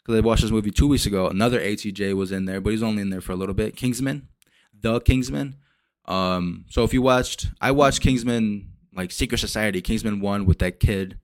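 A young man hosting a solo podcast, rambling and swearing as he retells movie scenes with lively energy. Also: lowish voice, a little fast, no echo. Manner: rambling, profane, animated retellings. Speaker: podcast host. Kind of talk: casual solo podcast rant.

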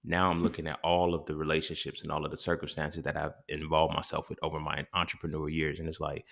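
Low gravelly dude, rambling and cursing thru a solo podcast rant. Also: male voice, completely flat delivery, fast, fairly bright tone. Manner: casual, profane, rambling with restarts. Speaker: podcast host. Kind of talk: impromptu monologue.

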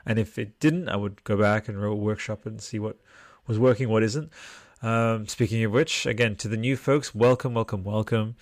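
Low-voiced tired man chatting on a stream. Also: normal speed, few pauses, no room sound, studio quality. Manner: rambling, chatty, swears freely. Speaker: podcast host. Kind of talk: casual livestream chat reading viewer comments. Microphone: desktop mic with headphones.

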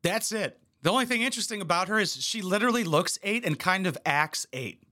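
A man rants through a crude comedy reaction, sarcastic and full of swearing. His voice is bright and edgy, sitting a bit high for a man and swooping all over as he mocks what he watches. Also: expressive, fairly quick. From United States. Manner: profane, sarcastic, mocking. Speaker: commentary YouTuber.

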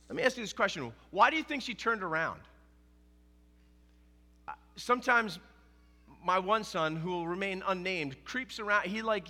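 A middle-aged pastor with a high, bright, forceful voice, preaching earnestly and stressing his points through repetition. His voice carries a long reverb, as if he stands in a large church sanctuary. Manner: earnest, emphatic preaching with repeated phrases. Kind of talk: sermon.

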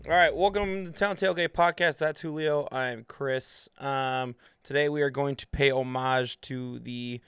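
A man's voice: mid-range voice, steady tone, a little slow, hardly any pauses, fairly bright tone, smooth, no room sound, studio quality. A man co-hosting a fan podcast, talking loosely with lots of fillers. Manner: loose, rambling, with many fillers. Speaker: podcast co-host. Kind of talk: casual chat.

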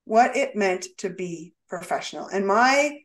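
A woman educator speaks as an interview guest in a medium-pitched, everyday voice. She sounds earnest and reflective, often stretching out her phrases as she thinks aloud. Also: lively intonation, unhurried. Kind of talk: conversational interview.

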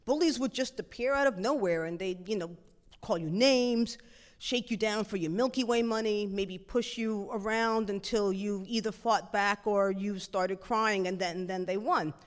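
A middle-aged woman telling a personal story in a lively, animated way, jumping into acted-out dialogue. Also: medium pitch, normal speed, in a large hall.

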